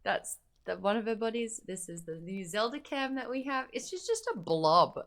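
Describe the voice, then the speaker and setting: Speaking at normal speed with a medium-pitched, animated and slightly bright voice, this Australian woman runs a book club live stream while tired and sleepy. Her chat is casual and playful, with thanks to viewers by name.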